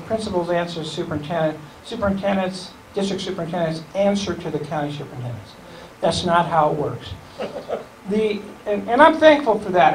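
A man, a county school superintendent, talking informally to a group, rambling and correcting himself with small chuckles. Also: high-pitched. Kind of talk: informal talk to a civic group. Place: meeting room. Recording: echoey room, distant mic, faint hiss.

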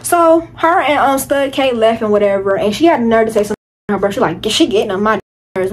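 A teenage girl telling a story in casual chat, animated and full of profanity and slang. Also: a little high, fast talker, a little hiss or hum. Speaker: vlogger.

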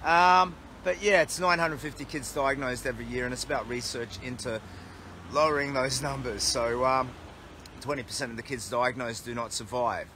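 A man's voice: mid-range voice, moderate pace, sharp tone, slight background noise. An Australian man chatting casually on a livestream outdoors by a road, reading viewer comments aloud in an upbeat way. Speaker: charity walker livestreaming. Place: outdoors by a road, resting against a tree.

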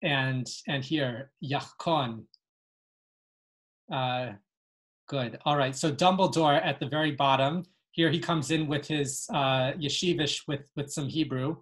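A woman's voice: deep voice, unhurried. A woman teaching an online lesson on Yiddish dialects, reading passages aloud and translating them. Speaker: webinar teacher. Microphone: video call.

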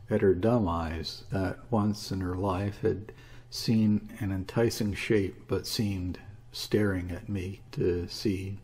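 A man reading a classic story aloud as an audiobook, in a measured, even storytelling manner. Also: fairly low pitch, husky. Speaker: audiobook reader. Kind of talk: scripted narration of a classic story.

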